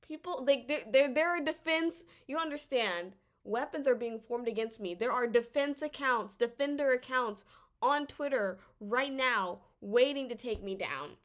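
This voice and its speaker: A woman vlogger giving casual commentary on a drama series. She talks in an animated, rambling and exasperated way, often stammering and restarting her sentences. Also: on the high side, measured pace.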